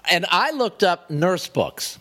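A man hosting a casual talk show, speaking in a measured, mildly amused way. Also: sits high, big pitch swings, pushed and bright. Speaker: podcast host. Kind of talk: casual chat.

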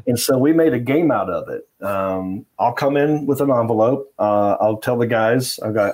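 Comedian guest, middle-aged man, mid pitch, rambling anecdotes. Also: normal speed, hardly any pauses, darkish tone. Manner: rambling anecdotal with fillers and restarts. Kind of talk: casual interview storytelling.

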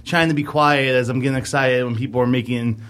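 Man, thirties, podcast co-host, casual rambling chat, medium pitch. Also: fairly even intonation, fast, a bit bright, clean tone. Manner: rambling storyteller, many fillers.

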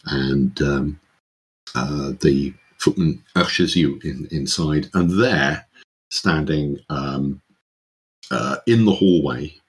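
Casting: male game master, very low voice, halting narration with lots of fillers.

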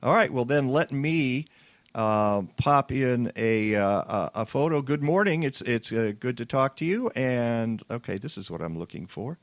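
A man hosting a radio talk show in casual chat, halting, with many fillers and restarts. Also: medium pitch, lively intonation, no echo.

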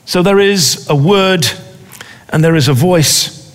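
A man preaching a sermon in a deliberate way, repeating phrases for emphasis. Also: high-pitched, long reverb tail.

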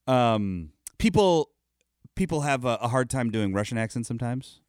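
Casual co-host, man, thirties, playful and profane, very animated intonation, dry sound. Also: medium pitch, normal speed, smooth, dry recording. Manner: joking, laughs often, swears. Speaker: podcast co-host. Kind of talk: casual chat.

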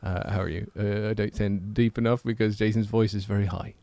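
A man putting on a deep northern English voice as an impression of a comedian. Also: steady tone, a little fast, creaky, dark tone, dry recording. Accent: North of England put on.

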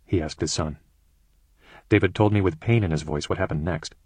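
A man reading his own case story aloud as audiobook narration, with a measured delivery and a husky voice. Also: low voice, darkish tone, dry recording.

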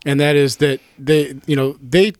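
A man's voice: a little high, steady tone, normal speed, darkish tone, dry recording, clean studio sound. A man co-hosting a sports podcast, joking and teasing in casual chat. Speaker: podcast co-host.

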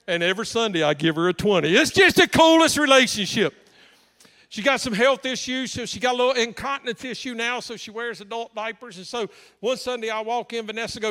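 A male pastor preaches a story-driven sermon in a very high, bright voice. He is impassioned, swinging between solemn moments and jokes. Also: brisk.

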